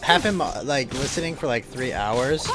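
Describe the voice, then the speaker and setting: A man hosting a podcast in casual chat, rambling and excitable, full of fillers. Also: medium pitch, moderate pace, music in the background. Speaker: podcast host.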